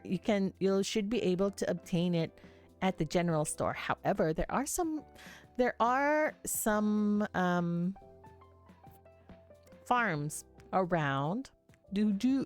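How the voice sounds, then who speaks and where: A woman narrating a livestreamed tabletop game as game master, meandering and halting with many fillers. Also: medium pitch.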